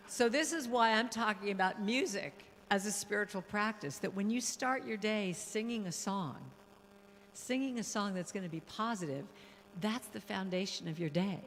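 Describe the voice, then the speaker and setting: A woman guest speaker and musician giving a playful, animated spiritual talk in a church hall, now and then breaking into song. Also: mid-range voice, moderate pace, slight background noise. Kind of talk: lively spiritual talk with singing.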